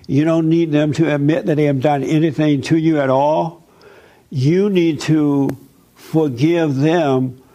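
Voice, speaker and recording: A man's voice: a little high, warm tone. A man preaching and answering audience questions, stressing points by repeating words over and over. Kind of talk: sermon-style Q&A answers.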